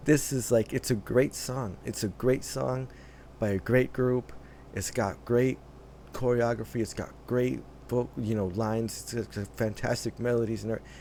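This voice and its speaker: A man talks over a clip in casual reaction commentary, circling back and restarting his sentences as he thinks aloud. His voice sits at an ordinary middle pitch. A faint noise hangs under the recording. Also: fairly even intonation, moderate pace, creaky, darkish tone. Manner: rambling, many restarts and fillers. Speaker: reaction host.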